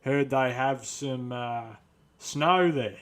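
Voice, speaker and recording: A man's voice: mid-range voice, slow pace, fairly bright tone. A man playing a crude, boastful middle-aged Australian bogan who speaks in blunt slang and swears freely, with an Australian accent. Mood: scornful. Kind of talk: comedic character monologue.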